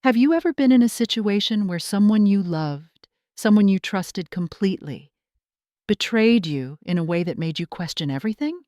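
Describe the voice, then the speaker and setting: An older woman narrates her own story in a steady, earnest voice and talks straight to the listener. Her pitch sits in the middle, and the sound is dry and close, with no room in it. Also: moderate pace, no room sound. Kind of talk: scripted first-person storytelling narration.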